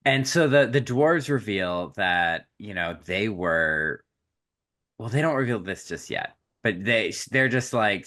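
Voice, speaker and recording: A man co-hosting a podcast, recapping a film in casual chat and acting out characters in quick asides. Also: low voice, lively intonation, bright, forceful tone. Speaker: podcast co-host.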